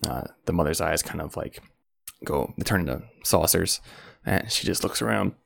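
Low gravelly guy game-mastering from home, loads of uhs and ums. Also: moderate pace, fairly bright tone. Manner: rambling, lots of fillers. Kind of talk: narrating a tabletop game.

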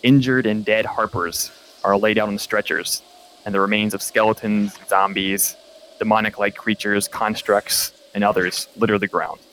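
A man's voice: fairly low pitch, steady tone, normal speed, a bit bright, a little hiss or hum. A man narrating as game master of a tabletop game, in a loose, chatty way with filler words.

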